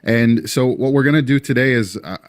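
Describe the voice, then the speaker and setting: A man's voice: mid-range voice, brisk, no room sound, clean studio sound. A man hosting an interview over a video call, speaking with hesitant deference to his guest. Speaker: interview host.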